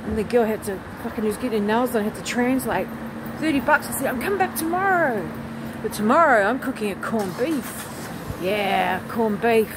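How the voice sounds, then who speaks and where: A woman's voice: mid-range voice, normal speed, background noise. A woman vlogging as she walks a city street at night, chatty and rambling, recorded on a handheld phone. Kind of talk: casual street vlog chat.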